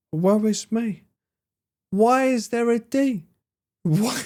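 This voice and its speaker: A man's voice: very high voice, a little mellow. A young man livestreaming, casually bantering with his chat in a playful, sweary, teasing way. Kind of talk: casual chat with live stream viewers.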